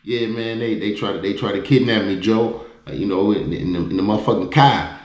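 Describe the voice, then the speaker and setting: A man's voice: lowish voice, brisk, a little mellow, roomy sound, pitched above the performer's own voice, natural voice. A man putting on a frantic Chicago guy. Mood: panicked. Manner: breathless, urgent.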